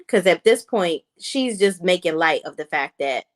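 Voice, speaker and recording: A woman's voice: fairly low pitch, moderate pace. Sassy woman recapping a TV episode. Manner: sassy, animated, talks straight to viewers. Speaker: reality TV reviewer. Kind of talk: casual recap chat.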